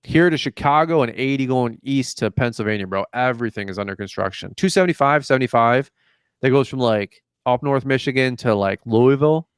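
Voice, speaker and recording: In a smooth, mid-range voice, slightly fast, this podcast host comes across in echo-free studio quality. He tells jokey stories with frequent laughter, taking on both roles in the conversations he quotes.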